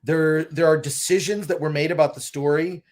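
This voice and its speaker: A man's voice: fairly high pitch, steady tone, moderate pace. A man appearing as a guest critic, giving blunt, considered film opinions in casual panel talk. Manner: blunt, critical, thoughtful with restarts.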